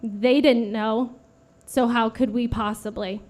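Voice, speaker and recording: A woman in her late thirties giving an earnest prepared memorial speech at a vigil, steady and read from a script. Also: on the high side, slow pace. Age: late 30s. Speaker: vigil speaker.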